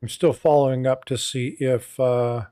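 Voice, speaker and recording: A man's voice: medium pitch, steady tone, moderate pace, mellow, clean tone. A middle-aged man hosting a casual livestream panel, rambling with lots of "um" and "you know" and reading viewer comments aloud. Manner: rambling, filler-heavy, reads viewer chat aloud. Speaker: livestream host.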